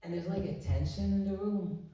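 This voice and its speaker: A man's voice: sits high, a little fast, dark tone, far from the mic. A man from Iran doing stand-up, telling a story in a chatty way full of "like" and restarts. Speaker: stand-up comedian. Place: comedy club stage. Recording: very echoey room, voice off-mic.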